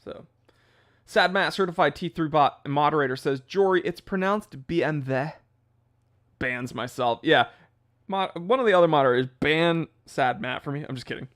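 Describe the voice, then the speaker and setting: A man's voice: fairly high pitch, moderate pace. Chatty American man hosting a livestream. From United States. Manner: chatty and animated, jumps into goofy impressions of people. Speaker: watch channel host reading live chat. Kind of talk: casual livestream chat.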